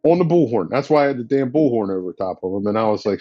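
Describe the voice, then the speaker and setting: Firefighter guest, blunt and casual, swears a lot, dry slightly dull podcast sound. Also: male voice, mid-range voice, expressive, quick pace, warm tone, dry recording, faint music behind. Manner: blunt and profane, drops in slang. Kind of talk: casual storytelling.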